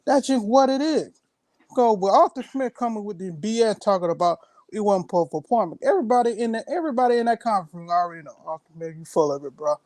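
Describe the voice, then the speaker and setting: A man co-hosting casual sports talk, blunt and quick to laugh. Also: high voice, lively intonation, a little mellow, dry recording. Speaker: co-host analyst.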